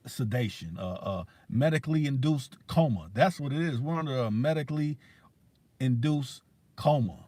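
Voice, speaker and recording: A man's voice: mid-range voice, lively intonation, normal speed, dark tone, no room sound. A man hosting a livestream, ranting in a heated, profane way with many restarts and fillers. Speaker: livestream host. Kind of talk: casual rant on a livestream.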